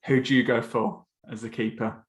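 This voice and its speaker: Brief: young man, Essex accent, podcast host, loose and chatty, mid-pitched voice. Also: flat delivery, moderate pace. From England. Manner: chatty, loose, swears casually. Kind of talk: casual chat.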